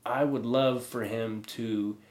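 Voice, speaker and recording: A man's voice: mid-range voice, steady tone, slow pace, darkish tone, a little hiss or hum. A man hosting a casual chat, talking earnestly about raising his son and asking his guest questions. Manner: earnest, conversational, asks questions. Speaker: podcast host. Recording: echoey room.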